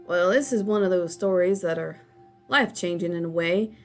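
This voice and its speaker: A woman voicing a chatty male trucker with a deep Southern US drawl, telling a folksy story over a late-night call-in line. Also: normal speed, soft background music, natural voice.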